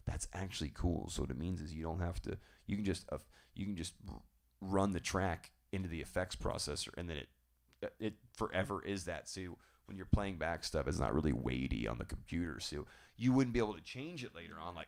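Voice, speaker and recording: Very deep, gravelly rambling male host. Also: a little fast. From southern United States. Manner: rambling, animated storytelling. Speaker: live-stream show host. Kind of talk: casual live-stream chat.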